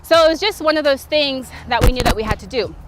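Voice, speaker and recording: Casting: lively woman in her thirties, higher voice, animated storyteller giving athletes advice, faint music under. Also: fast talker. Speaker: former softball player giving tips. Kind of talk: motivational storytelling to camera.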